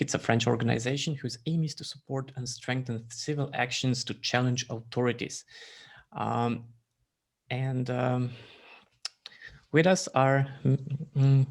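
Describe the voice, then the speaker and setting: A man's voice: mid-range voice, gravelly, a little mellow. A man moderating an online panel, introducing guests in a friendly way. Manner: friendly, laughs often. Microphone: video call.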